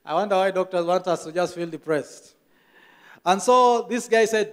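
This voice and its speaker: High-voiced Kenyan pastor preaching. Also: male voice, moderate pace, clean tone. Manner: storytelling with emphatic repetition. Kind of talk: sermon. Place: church.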